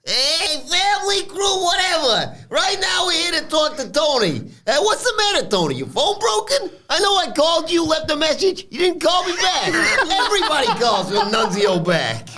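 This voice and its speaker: A man doing a loud, swaggering Italian-American mobster wrestler impression with an exaggerated accent. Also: very high-pitched, sing-song, normal speed, few pauses, pitched above the performer's own voice, exaggerated voice.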